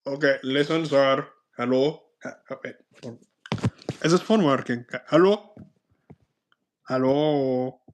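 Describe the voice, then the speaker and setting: A pushy, overly polite phone scammer, as a man puts him on, who pleads through a call and tacks "sir" onto everything. His voice sits at an ordinary male pitch. The improvised bit keeps an easy, joking stream-chat tone. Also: moderate pace, hardly any pauses, a little hiss or hum, lightly acted. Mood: wheedling. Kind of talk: improvised comedic phone role-play.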